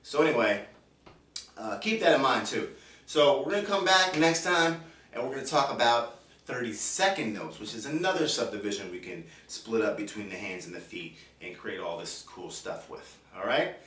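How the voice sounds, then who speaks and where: A man's voice: mid-range voice, expressive, normal speed. A man giving a drum lesson, explaining casually and checking in with the viewer. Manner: counts beats aloud while playing. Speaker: drum teacher. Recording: echoey room, distant mic, loud drums.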